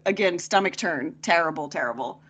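A woman's voice: lowish voice, animated, brisk, a bit bright, husky, muffled recording. A woman chatting casually as a podcast guest, recapping a TV episode with frequent laughter. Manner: laughs often, chatty and amused.

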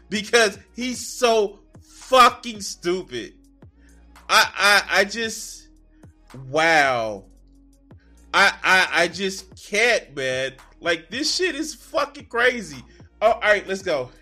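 A man reacting to a video clip, swearing a lot and breaking into incredulous shouts. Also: high-pitched, very animated, takes it slowly, faint music behind. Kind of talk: profane reaction commentary.

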